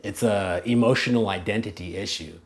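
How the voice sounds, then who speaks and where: A man with a fairly low voice answers interview questions about learning languages. He talks in a loose, animated way, full of "like" and "you know," and often restarts a phrase as he works out his thoughts. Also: fairly quick. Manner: casual, animated, many "like" and "you know" fillers; thinks aloud, restarts phrases. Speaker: language coach, interview guest.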